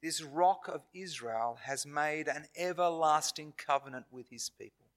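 Aussie guy giving a sermon in church, higher-ish voice, careful and earnest, stops and fixes his words. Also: fairly bright tone. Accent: Australian. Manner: earnest, measured preaching with frequent pauses and self-corrections. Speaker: preacher.

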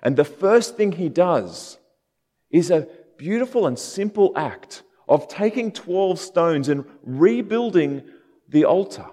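A man preaching a sermon in a relaxed, conversational way, with casual asides. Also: high voice, slow. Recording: long hall reverb.

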